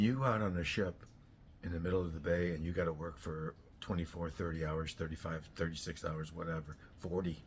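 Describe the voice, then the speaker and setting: A man delivering a blunt, profane ranting monologue that keeps flaring into loud outbursts. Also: low voice, a little hiss or hum. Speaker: host.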